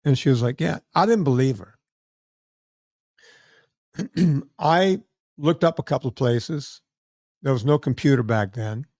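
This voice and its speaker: A middle-aged man hosting a podcast, telling a lively story and acting out the other people's lines. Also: mid-range voice, unhurried, long pauses, dry recording, studio quality. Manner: animated storyteller acting out quoted voices. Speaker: podcast host. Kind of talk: casual storytelling chat.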